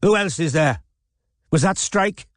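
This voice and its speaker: A man voicing a spiteful, hysterical middle-aged Welshman with a Welsh accent, sneering and shouting in an audiobook. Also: fairly high pitch, lively intonation, unhurried, no echo, studio quality, voice pushed up. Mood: outraged. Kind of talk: audiobook character voice.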